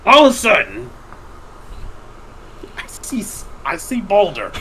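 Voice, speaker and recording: A man's voice: high-pitched, very animated, slow, heavy background noise. A man hosting a podcast, telling a profane story in a casual chat and laughing often. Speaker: podcast host.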